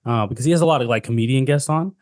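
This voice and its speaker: A man's voice: mid-range voice, very fast, darkish tone, no echo. A man who is a guest on a podcast, chatting casually with a mid-range voice. He speaks thoughtfully and often restarts his sentences, and his voice sits dry and close to the mic. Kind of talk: casual chat. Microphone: podcast microphone.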